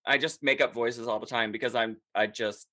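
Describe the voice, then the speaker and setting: A man in his thirties chats as a podcast guest, blunt and full of swearing. His voice is bright and tense, at an ordinary middle pitch. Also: a little fast, no echo. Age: 30s. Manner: candid, profane and animated. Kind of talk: casual interview talk.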